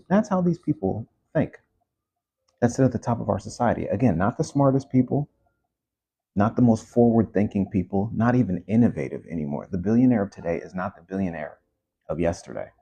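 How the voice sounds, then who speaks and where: Low husky man ranting on a podcast. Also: dark tone, highs cut off. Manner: ranting, heated, many restarts and asides. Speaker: podcast host. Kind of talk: casual commentary monologue.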